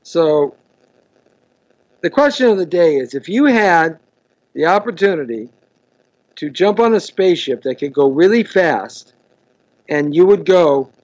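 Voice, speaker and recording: A man's voice: on the high side, animated, takes it slowly, pauses often, a little mellow, highs cut off. A man hosting a live show, chatting casually, stumbling over and repeating words and greeting viewers by name. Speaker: host. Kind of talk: casual live-stream chat.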